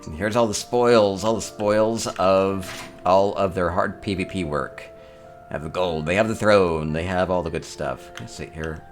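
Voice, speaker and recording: Touring player homes in a game, a low-pitched man comments casually at normal speed, with faint music behind him. He sounds upbeat, thinks out loud, and lets out small chuckles.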